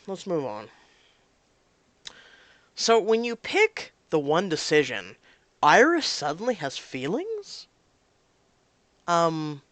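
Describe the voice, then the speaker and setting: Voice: mid-range voice, a bit bright, dry recording. A vlogger ranting casually about mobile story games, exasperated and swearing freely. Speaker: mobile game recap vlogger.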